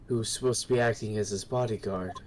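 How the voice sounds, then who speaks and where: A man's voice: on the low side, steady tone, fairly quick, slight background noise. A man playing along on a game stream, trading joking, mock-indignant banter. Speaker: co-player. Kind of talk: casual game stream chat. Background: faint game music.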